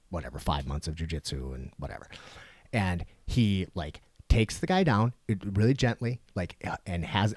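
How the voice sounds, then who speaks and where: A man's voice: low-pitched, darkish tone, dry recording. A man co-hosting a podcast, talking in a rambling, profane way with many fillers and restarts. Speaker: podcast co-host. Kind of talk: casual chat.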